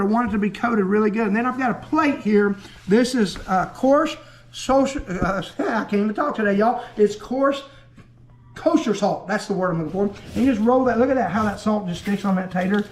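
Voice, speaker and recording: A man's voice: high-pitched, roomy sound. A man chatting folksily as he demonstrates cooking in his home kitchen, joking as he goes. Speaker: cooking vlogger and preacher.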